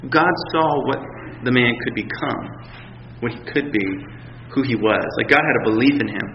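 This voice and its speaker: A man preaching a sermon in a relaxed, conversational storytelling way, often restarting his sentences and acting out quotes. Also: mid-range voice, normal speed, slight background noise. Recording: echoey hall, dull sound.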